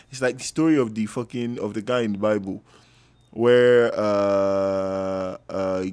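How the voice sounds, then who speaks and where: A man reacting to a football match as a fan, loud and trash-talking, with bursts of shouting. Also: fairly low pitch, steady tone, measured pace, clean tone, no echo.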